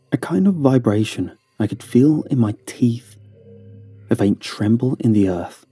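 Dark, husky male horror narrator. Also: lowish voice, no room sound. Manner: tense, dramatic storytelling. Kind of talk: first-person horror story narration.

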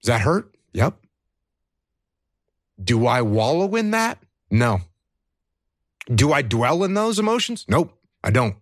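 A man's voice: mid-range voice, big pitch swings, slow pace, long pauses, no room sound, studio quality. A man, a veteran who has lost friends, talking earnestly to other veterans about emotions. He asks himself questions, answers them, and repeats his key points. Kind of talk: earnest conversational advice.

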